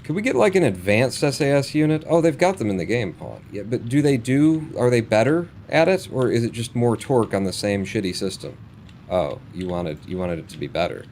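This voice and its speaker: A man's voice: mid-range voice, big pitch swings, brisk, a little mellow, slight background noise. A man streaming a space game live, muttering and swearing at the game with sarcastic frustration. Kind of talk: live gameplay commentary.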